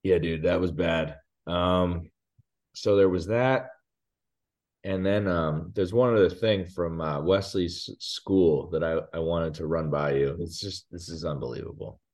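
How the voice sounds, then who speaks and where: A man's voice: sits low, unhurried, darkish tone. A man co-hosting a podcast, chatting casually and telling a rambling, self-deprecating story, laughing at himself. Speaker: podcast co-host. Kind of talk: casual chat.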